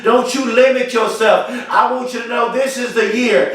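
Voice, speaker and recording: A man's voice: very high voice, steady tone, moderate pace, hardly any pauses, fairly bright tone, very echoey, far from the mic. A man giving a motivational speech to camera, emphatic and repetitive, with a preacher-like rhythm. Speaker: motivational speaker.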